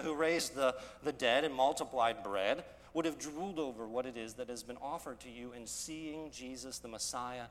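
A man preaching an expository sermon as pastor, earnest, building loud and slow on key words and dropping to quiet asides. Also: fairly high pitch, in a large hall.

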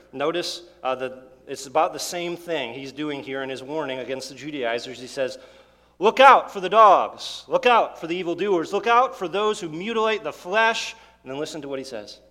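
A man preaching a sermon as pastor, earnest and emphatic, leaning into key words and pausing between phrases. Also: fairly high pitch, fairly bright tone. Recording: long hall reverb.

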